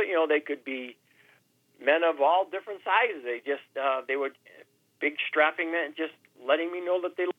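Halting man in his sixties on a phone line. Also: a little high, dry recording. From New Hampshire. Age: 60s. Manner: halting, repeats words, voice breaking. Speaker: guest. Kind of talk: emotional radio interview. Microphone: telephone.

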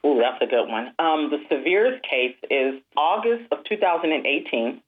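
A low-voiced woman tells her story as an interview guest. She is animated and lifts her voice to act out the people she quotes. Her voice comes through a narrow, tinny phone line. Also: moderate pace. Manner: animated storyteller, acts out quoted dialogue in a higher voice. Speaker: guest, alopecia support group founder.

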